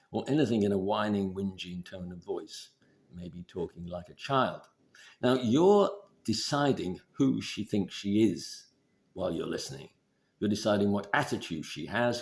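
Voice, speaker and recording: A man giving relationship advice in a measured, deliberate instructional talk. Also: lowish voice. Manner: measured, deliberate, steady explaining.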